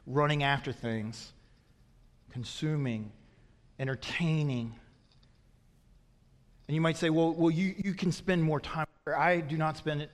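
A man preaching a sermon as pastor, asking his congregation rhetorical questions and growing emphatic when he warns them. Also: on the high side. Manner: grows forceful and emphatic when warning. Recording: long reverb of a large hall.

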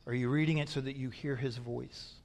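A man's voice: medium pitch, fairly even intonation, a little fast, gravelly. A man preaching a sermon as pastor, asking his congregation rhetorical questions and growing emphatic when he warns them. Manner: grows forceful and emphatic when warning. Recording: long reverb of a large hall.

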